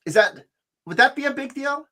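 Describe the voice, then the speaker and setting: A man's voice: extremely high pitch, lively intonation, normal speed, bright, forceful tone. A man co-hosting a podcast, chatting casually and asking curious, rambling questions. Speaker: podcast co-host.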